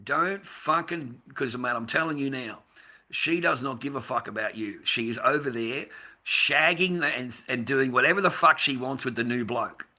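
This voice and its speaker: A man's voice: mid-range voice, normal speed, sharp tone. A middle-aged man, ranting bluntly and profanely on a casual livestream, rambling with stammered restarts. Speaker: livestream host.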